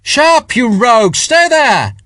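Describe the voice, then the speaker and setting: A man's voice: fairly high pitch, big pitch swings, normal speed, a bit bright, dry recording, clean studio sound, pitched above the performer's own voice. A man reading an audiobook, voicing a mocking, rakish aristocratic British officer in a raised, theatrical voice. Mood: boisterous teasing. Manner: teasing, theatrical, bellowing. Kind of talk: audiobook character voice.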